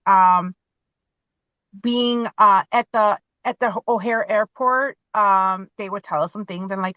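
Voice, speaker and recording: A woman in her forties, a podcast guest talking from her car, telling her own story in an animated way and acting out what she said. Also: medium pitch, moderate pace, dry recording, muffled recording.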